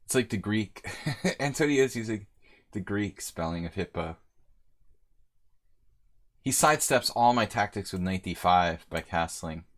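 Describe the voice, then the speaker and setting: A low, deep-voiced middle-aged chess streamer from the United States narrates his thinking at a measured pace, leaving long pauses. Wry and relaxed, he interrupts the game to banter with chat and answer viewers jokingly.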